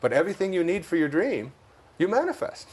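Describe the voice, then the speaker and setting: A man with a Detroit accent, a guest in an interview, speaking in an unhurried, musing way and chuckling at his own jokes. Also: sits high, big pitch swings, darkish tone, husky. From Detroit, United States. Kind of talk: reflective interview talk.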